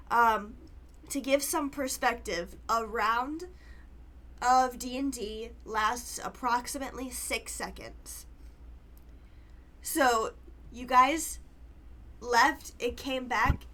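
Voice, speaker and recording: Woman game master for a tabletop podcast; unhurried, halting narration, a touch high-pitched. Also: pushed and bright. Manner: hesitant, many fillers, laughs often.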